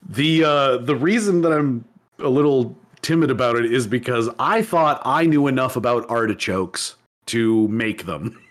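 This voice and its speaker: A man's voice: medium pitch, a little slow. A man co-hosting a casual podcast, rambling and laughing at himself as he chats. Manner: rambling, laughs often, self-deprecating. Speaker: podcast co-host. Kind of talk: casual chat.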